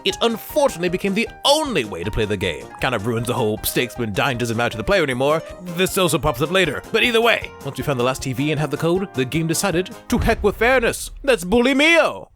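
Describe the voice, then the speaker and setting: A man's voice: fairly high pitch, very animated, quick pace, hardly any pauses, fairly bright tone, faint music behind. A man narrating a game commentary in a sarcastic, exasperated tone.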